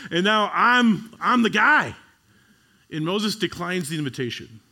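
A male pastor with a voice on the high side preaches in a conversational, animated manner, swinging between loud bursts and hushed, slow passages.

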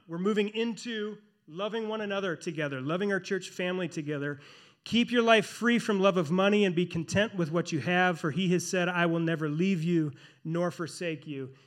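A man, a pastor and church elder, preaching a sermon in an earnest, emphatic way, slowing down to stress key phrases. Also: high-pitched.

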